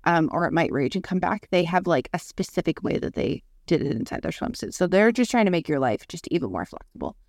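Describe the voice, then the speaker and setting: A woman's voice: on the low side, brisk, few pauses, dry recording, studio quality. A woman in her thirties, a podcast co-host, telling a story in casual chat and acting out the people she quotes. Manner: animated storytelling with acted-out quotes.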